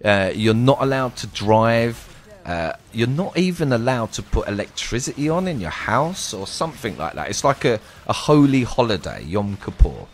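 A man's voice: mid-range voice, very animated, normal speed, slight background noise, lightly acted. A man voicing a young male driver who gives a lift and explains things plainly. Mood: explaining. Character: young man giving a lift, hurried and matter-of-fact.

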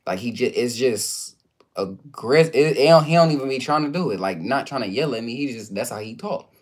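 A man's voice: medium pitch, lively intonation, a little fast. A young man vlogger in casual chat, laid-back and teasing, with plenty of slang.

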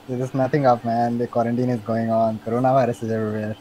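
Indian man, relaxed video-chat stranger, mid-range voice, faint hiss. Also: medium pitch, fast talker, rough recording. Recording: faint background noise.

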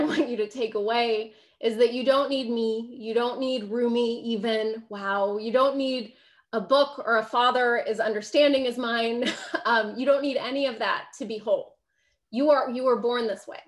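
A woman giving a public book talk, conversational and emphatic, often checking in with "right?" and laughing easily. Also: a little high.

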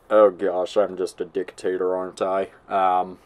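Giggly, rambling man with a lowish voice. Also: little pitch movement, a little slow, hardly any pauses, a little mellow. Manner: rambling, giggly, self-mocking. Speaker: gameplay commentator. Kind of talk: casual gameplay commentary.

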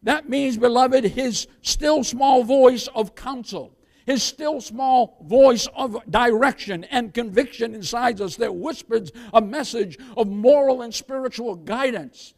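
A male pastor preaching with a high, ringing voice. He calls the congregation "beloved," asks for amens and draws out key words slowly for weight. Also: darkish tone. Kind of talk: sermon.

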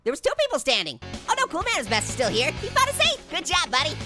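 A hyper little cartoon orange, squeaky and nasal with a sky-high pitch that leaps all over the place. He giggles constantly and squeals at every near miss while game music plays clearly behind him. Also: quick pace, exaggerated voice. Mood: giddy. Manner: excitable, jokey, squealing at close calls. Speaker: gaming channel host. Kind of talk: cartoon let's-play commentary.

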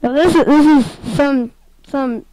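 A woman giving casual, excitable gameplay commentary, giggling and talking to the game as she plays. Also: high-pitched, slow pace, a little hiss or hum, low-quality recording.

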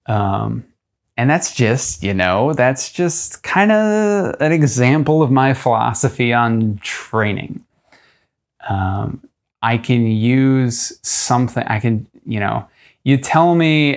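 A man's voice: mid-range voice, animated, slow. Casual young man coaching push-ups. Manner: loose and conversational, with fillers and self-corrections; demonstrates push-ups while talking. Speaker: strength coach. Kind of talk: casual instructional talk to camera.

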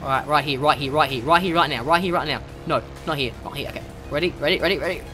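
A gamer giving excitable let's play commentary, yelling and cheering often while flying. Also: medium pitch, fast talker, faint music behind.

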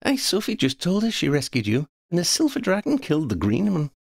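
A woman's voice: lowish voice, huge pitch swings, brisk, gravelly, slightly rough, pitched above the performer's own voice, heavily acted. A man voicing a cheerful, cheeky young witch.

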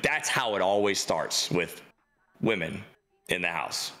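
A man's voice: low-pitched, expressive, unhurried, pushed and bright. A man co-hosting a podcast in casual chat, talking loosely with lots of fillers and some swearing. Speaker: podcast co-host.

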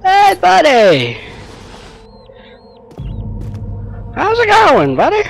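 A man voicing a cheerful male companion who is a sack of potatoes, upbeat and encouraging in a high voice. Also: wildly swooping pitch, unhurried, creaky, slight background noise, full character voice.

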